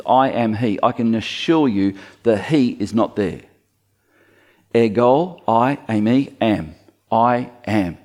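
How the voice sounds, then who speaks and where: Male preacher, conversational sermon, animated delivery, acts out quotes. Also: medium pitch.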